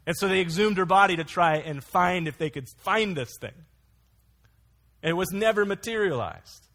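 Man preaching, slightly high voice. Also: moderate pace, a bit bright. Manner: earnest expository preaching with anecdotes. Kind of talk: sermon.

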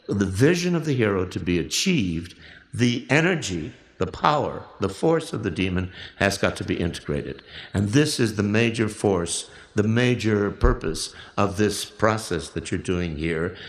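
A man with a low voice explains a workshop exercise in a measured, reflective way. He often restarts a phrase before finishing it, and the room around him sounds echoey. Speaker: workshop leader. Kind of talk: guided instruction for a recorded exercise.

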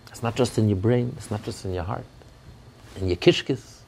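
A man's voice: lowish voice, normal speed, creaky, a little mellow, slightly rough. A man giving an impassioned sermon as a rabbi, often restarting his words as he searches for them.

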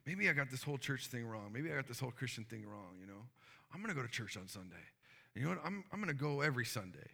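A man voicing a grumpy older man, a retired truck driver, who talks gruffly and bluntly, in a reverberant hall. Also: mid-range voice, animated, fast talker, sharp tone, exaggerated voice. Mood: excited.

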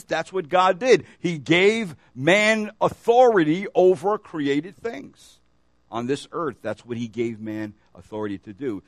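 In church, a pastor preaches a sermon, reading scripture aloud and putting questions to the congregation along the way. His voice is fairly high and the recording is dry.

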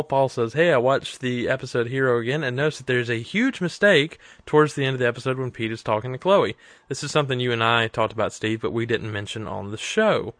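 A man's voice: mid-range voice, fairly bright tone, no room sound. Jokey man reading listener emails. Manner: laughing, jokey, quick to do silly voices. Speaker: podcast co-host. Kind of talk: casual podcast chat, reading listener emails.

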